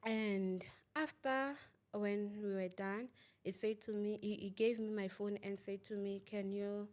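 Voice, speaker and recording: A young woman talks through a painful story as an interview guest. She is halting and repeats herself, with plenty of fillers. She often stops to ask whether the listener understands. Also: medium pitch, steady tone, a little mellow. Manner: asks "you understand?" often. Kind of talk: emotional personal testimony.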